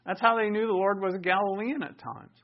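Male pastor mid-sermon, earnest delivery punctuated by loud emphatic swells; somewhat high voice, muffled lo-fi recording. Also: steady tone, brisk. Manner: earnest preaching with sudden loud emphatic bursts.

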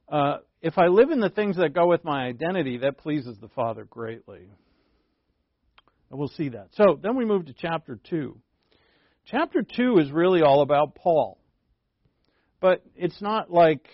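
A man teaching a sermon as pastor, with slow, emphatic stresses and small asides to the listeners. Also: a little high, no room sound. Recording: dull, lo-fi dry recording.

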